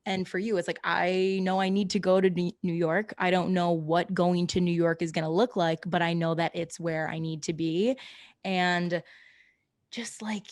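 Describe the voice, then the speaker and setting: A woman talking casually on a podcast in a lowish voice, recorded dry and close with no room sound. She speaks frankly and loosely, swearing now and then. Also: fairly even intonation, moderate pace, no room sound.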